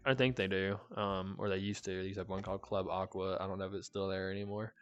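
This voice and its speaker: A man from Alabama with a Southern accent, chatting casually and telling stories, his voice often trailing off quietly at the ends of phrases. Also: sits low, little pitch movement, fast, clear, resonant tone, lo-fi sound, faint music behind. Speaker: guest, VR club pole dancer. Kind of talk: casual chat.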